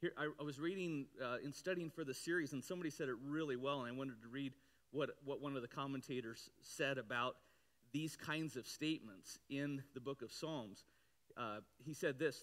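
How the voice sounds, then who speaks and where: Bright-voiced man preaching a sermon. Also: a little high, normal speed. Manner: conversational preaching with sudden loud outbursts. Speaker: pastor. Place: church.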